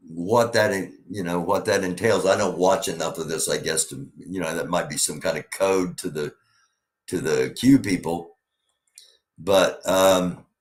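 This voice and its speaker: Low-voiced guy doing live news commentary, sarcastic, jumps in over clips. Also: a little mellow. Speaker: show host commenting on clips.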